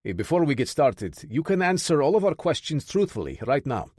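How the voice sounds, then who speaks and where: A mercenary interrogator makes a polite, chilling offer to his captives, as a male narrator voices him. His calm manner carries a threat. The sound is dry and close. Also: a little high, a little fast, husky, no room sound. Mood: menacing.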